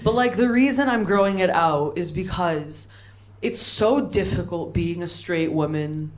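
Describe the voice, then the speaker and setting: A woman's voice: lowish voice, unhurried, a little hiss or hum. A young American woman doing stand-up at an open mic, rambling and self-mocking with lots of "like" and "bro". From United States. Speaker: stand-up comedian. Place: comedy club stage, London. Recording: live club audience audible. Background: audience laughing.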